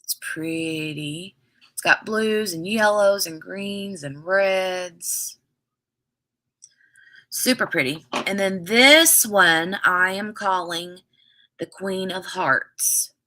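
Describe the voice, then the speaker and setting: A woman's voice: on the low side, very slow, pushed and bright. A woman hosting a casual craft livestream, chatting in a rambling, storytelling way and reading viewer comments aloud.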